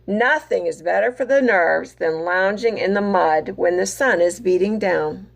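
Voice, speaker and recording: A woman's voice: on the low side, measured pace, creaky, pitched below the performer's own voice. A woman voicing a lazy, nervous pig in a picture book read-aloud, languid and asking to be left alone.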